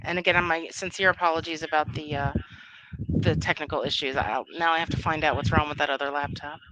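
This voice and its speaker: A woman's voice: deep voice, steady tone, a little fast, bright, forceful tone, low-quality recording. A woman speaking over a video call, telling casual family stories and taking audience questions, rambling and laughing often. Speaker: conference speaker, threat intelligence analyst.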